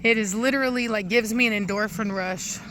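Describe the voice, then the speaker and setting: A woman's voice: fairly high pitch, brisk, noisy background. A woman dog breeder chatting casually outdoors in her yard, rambling and admiring as she films her dogs. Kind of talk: casual vlog commentary.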